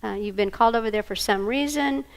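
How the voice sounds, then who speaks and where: An older woman with a Southern American accent leads a workshop. She tells her stories with animation and acts out the voices in them. Her voice sits fairly high. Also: fast talker. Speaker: workshop speaker. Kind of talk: storytelling lecture.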